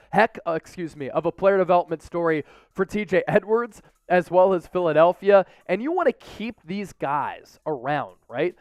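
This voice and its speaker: A man hosting a live sports news show, delivering energetic commentary with salesy hype. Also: fairly high pitch, dry recording.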